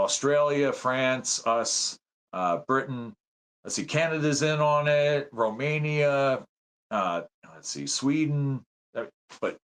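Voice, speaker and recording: A man in his fifties from the United States, a guest telling stories in a casual interview, excitable and acting out the voices he quotes. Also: mid-range voice. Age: 50s. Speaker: podcast guest, veteran and citizen journalist.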